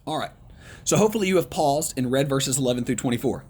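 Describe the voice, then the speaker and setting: A man leading an online Bible study lesson in a conversational, encouraging way, with frequent ums and pauses. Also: medium pitch, lively intonation, a little mellow, slight background noise.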